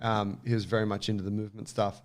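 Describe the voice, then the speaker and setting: Aussie bloke on a podcast, rambling animated story, swears a bit, lots of likes and ums. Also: male voice, lowish voice, quick pace. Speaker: podcast co-host. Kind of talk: casual storytelling chat.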